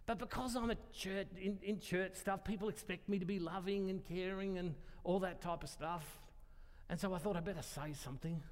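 A man's voice: high voice, fairly even intonation, moderate pace. A man preaching a sermon, telling a story in a chatty, self-deprecating way and acting out the voices he quotes. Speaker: pastor. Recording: long hall reverb.

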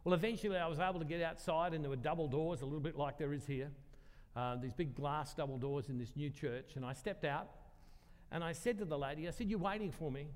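A man's voice: fairly high pitch, quick pace, a little mellow. A man preaching a sermon in a large church, telling a personal story in an earnest way and repeating phrases for emphasis. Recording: long hall reverb.

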